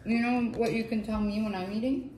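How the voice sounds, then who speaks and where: A woman's voice: on the high side, steady tone, a little fast, darkish tone, slight background noise, poor audio. A woman chatting casually in a home vlog, teasing and correcting her partner's pronunciation as she teaches words. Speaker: vlogger, partner teaching Arabic. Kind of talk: casual couple vlog chat.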